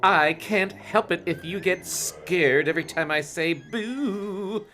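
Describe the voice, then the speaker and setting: A man's voice: sits high, takes it slowly, bright, forceful tone, slight background noise, pitched above the performer's own voice, exaggerated voice. A man voicing a smug, teasing eight-year-old boy prankster in a podcast book reading.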